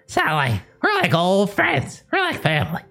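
A woman's voice: fairly low pitch, wildly swooping pitch, moderate pace, fairly bright tone, faint music behind. A woman playing a tabletop game, animatedly narrating her character's actions with hesitant fillers. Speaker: player.

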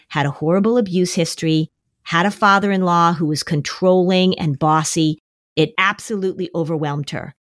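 A woman's voice: fairly low pitch, no room sound, clean studio sound. A woman therapist on a podcast, speaking emphatically and repeating key words for stress. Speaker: therapist guest. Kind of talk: podcast interview.

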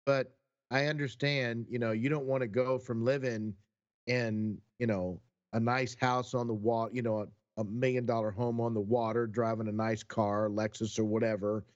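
A man co-hosting a podcast in casual chat, excitable and quick to jump in with his own stories. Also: mid-range voice, muffled recording. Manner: excitable, jumps in to retell stories. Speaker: podcast co-host.

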